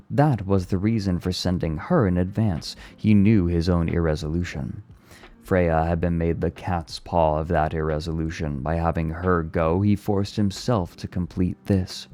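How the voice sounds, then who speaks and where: A man streaming himself reading a novel aloud in a measured, deliberate way. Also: low-pitched, warm tone. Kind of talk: read-aloud storytelling.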